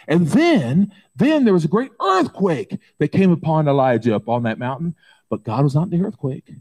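A man preaching a sermon, telling the story dramatically and breaking into folksy asides, swinging from loud urgency to a hush. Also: high voice, slightly rough.

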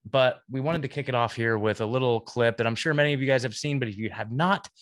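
Relaxed slangy podcast host, man, mid voice, dry sound. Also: mid-range voice, fast, no room sound. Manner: laid-back, slangy, laughs easily. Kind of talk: casual chat.

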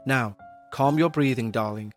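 A man voicing a calm, loving elderly grandmother who speaks softly and soothingly. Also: medium pitch, unhurried, faint music behind, lightly acted. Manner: soothing, soft.

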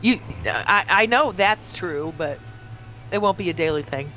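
Woman, radio co-host, animated pitch, quick skeptical retorts, playful. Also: a little hiss or hum. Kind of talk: radio morning show banter.

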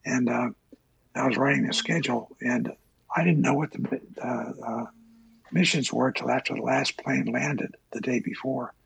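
An older man, a former Navy officer, recounting his past in a halting interview with many fillers. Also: medium pitch, steady tone, gravelly, husky, rough recording. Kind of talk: oral history interview.

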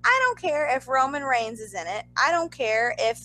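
A woman co-hosting a casual chat, telling a story in an animated way with lots of fillers and asides. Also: sits high, low-quality recording. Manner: animated, talks fast with frequent fillers and asides. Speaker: podcast co-host.

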